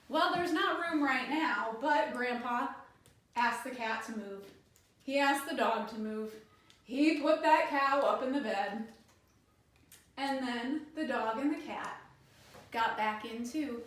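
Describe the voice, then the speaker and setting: A woman librarian telling a folk tale for children, animated and inviting them to join in, in an echoey room from a distance. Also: high voice. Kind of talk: children's storytime narration.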